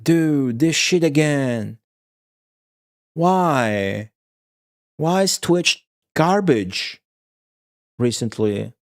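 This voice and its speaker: Slow, offhand, swearing young man streamer. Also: on the high side, expressive. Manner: profane, offhand, answers chat. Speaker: streamer playing retro games. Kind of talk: casual live-stream chat.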